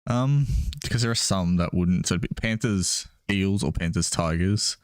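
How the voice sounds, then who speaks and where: A low-voiced man chatting loosely about the match, quick to laugh and prone to false starts. His voice sits close and dry on the mic, with no room around it. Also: dry recording. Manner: laughs often, hesitant restarts. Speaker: podcast co-host. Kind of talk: casual sports chat while watching a game.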